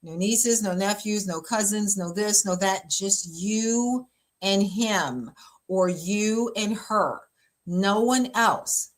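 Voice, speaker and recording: A woman's voice: mid-range voice, slow. A woman pastor talking casually about relationships, chatty and emphatic, with lots of fillers and easy laughter. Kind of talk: casual relationship advice talk.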